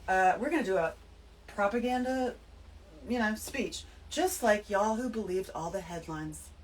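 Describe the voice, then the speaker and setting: Animated woman, off-mic. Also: mid-range voice, far from the mic, slight background noise, low-quality recording. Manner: animated, emphatic, swearing, addresses listeners as y'all. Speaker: host. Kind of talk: spiritual monologue to camera.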